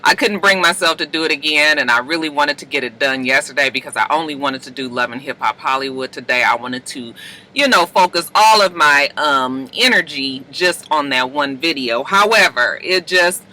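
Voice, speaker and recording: A man casually recapping a TV episode for his vlog, animated and chatty, with some swearing. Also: fairly high pitch, normal speed, poor audio. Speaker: TV recap vlogger.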